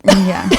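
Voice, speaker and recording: A woman's voice: mid-range voice, vocal fry, a little mellow, slightly rough. A woman from Texas with a Texan accent, co-hosting a podcast in casual, teasing chat. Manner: chatty, teasing, laughs often. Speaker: podcast co-host.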